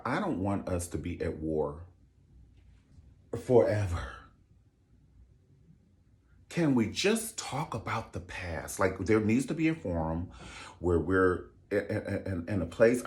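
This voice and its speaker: A young man vlogging casual commentary in a sassy, expressive way, swearing freely. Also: on the low side.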